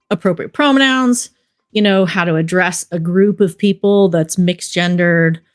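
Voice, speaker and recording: A middle-aged woman, a documentary director, telling stories in a relaxed interview, rambling with many fillers. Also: fairly low pitch, measured pace. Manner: rambling storyteller, many fillers like "you know". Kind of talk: casual interview talk.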